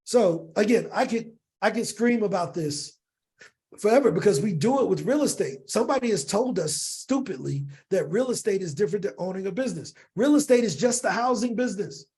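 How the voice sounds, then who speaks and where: A man from the United States, a podcast guest, telling a lively story in casual slang and acting out bits of dialogue. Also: sits high, a little fast, breathy edge. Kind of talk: animated storytelling in an interview.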